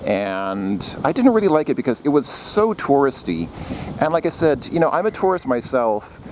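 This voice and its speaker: A man's voice: mid-range voice, big pitch swings, normal speed, a little mellow, slight background noise. A man walking through a city as a travel vlogger, talking casually and rambling, with many fillers and restarts. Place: outdoors on city streets.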